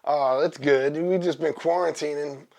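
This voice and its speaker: A man's voice: on the high side, fairly even intonation, a little slow, gravelly, a little mellow. A man guest telling long jokes in a loose, rambling way, voicing the characters. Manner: loose, rambling joke delivery with voiced characters. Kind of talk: comic joke telling.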